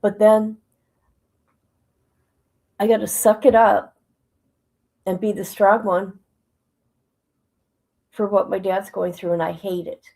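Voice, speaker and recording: Gravelly, emotional woman livestreaming. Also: medium pitch, level tone, slow, long pauses, warm tone, low-quality recording. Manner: rambling, emotional, talks to chat. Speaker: livestream host. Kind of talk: casual livestream chat. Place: at home. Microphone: phone.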